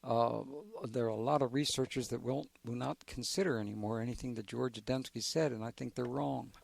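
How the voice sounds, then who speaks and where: A man's voice: medium pitch, fairly even intonation, a little fast, gravelly, a little mellow. A man hosting a radio interview, enthusiastic and full of praise as he chimes in. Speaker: radio host.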